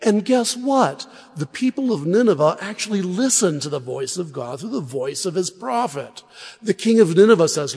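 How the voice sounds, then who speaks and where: A man preaching a sermon at a parish mission, telling Bible stories in a lively, humorous way. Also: high voice, normal speed, slightly rough, in a large hall. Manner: animated storytelling with humor.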